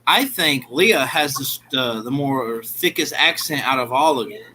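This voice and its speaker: Animated, bright-voiced joking man. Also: medium pitch, a little slow, a little hiss or hum, low-quality recording. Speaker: group chat participant. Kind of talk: casual chat.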